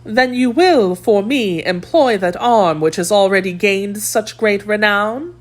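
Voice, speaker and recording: A woman's voice: mid-range voice, a little slow, pitched above the performer's own voice, natural voice. A woman voicing a proud, manipulative noblewoman in an audiobook, coaxing and calculating. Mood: scheming. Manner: coaxing, calculating, softly haughty.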